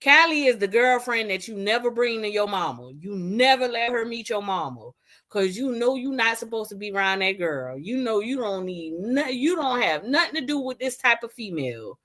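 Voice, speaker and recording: A young woman giving animated, incredulous casual commentary in a vlog, often laughing. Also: a little high, moderate pace. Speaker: vlogger.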